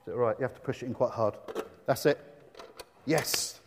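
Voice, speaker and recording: A man leading an animated children's talk in church, enthusiastic and full of questions for the children. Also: mid-range voice, normal speed, big-room sound, a little hiss or hum.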